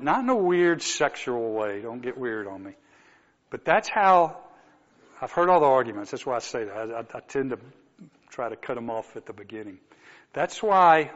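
A man preaching a sermon, telling a story and moving from soft asides to emphatic exclamations. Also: medium pitch, lo-fi sound.

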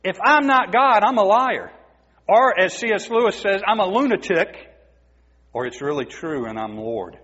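A man's voice: sits high, animated, moderate pace, a bit bright. A man preaching a sermon, emphatic and asking the congregation rhetorical questions. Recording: dull, muffled recording in a reverberant hall.

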